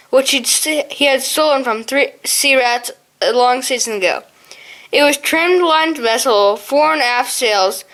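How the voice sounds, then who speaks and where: A woman's voice: high-pitched, a bit bright. A woman reading an audiobook aloud, often stumbling and restarting words. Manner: frequent slips and restarts. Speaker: audiobook reader. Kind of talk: amateur audiobook narration.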